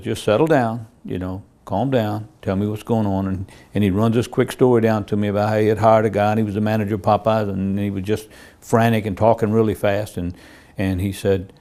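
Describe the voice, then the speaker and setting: Lower-voiced man recounting police cases. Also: warm tone. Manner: plain storytelling, acts out quoted dialogue. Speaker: police officer. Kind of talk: true-crime interview recounting cases.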